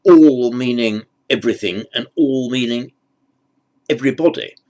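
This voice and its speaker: A man teaching Sanskrit grammar in an online lesson, explaining slowly and carefully and correcting himself as he goes. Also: medium pitch, a little mellow.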